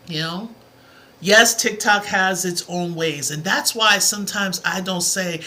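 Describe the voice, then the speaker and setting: Here a woman math tutor addresses her livestream audience at a measured pace, her mid-range voice carrying a sharp tone over a faint hiss or hum. She rambles encouragingly and earnestly, full of asides, in a motivational style.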